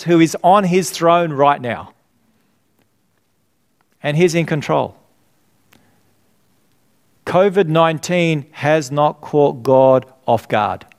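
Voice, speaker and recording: A middle-aged male pastor with a slightly high, clean voice preaches a sermon in an earnest, conversational way. He often asks the congregation questions, getting them to fill in his words.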